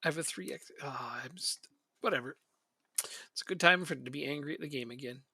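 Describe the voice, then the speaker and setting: A man's voice: fairly high pitch, fairly quick, vocal fry, pushed and bright, slightly rough, no room sound, studio quality. A man streaming a game, chatting casually and venting his frustration with frequent laughs. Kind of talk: casual gaming chat.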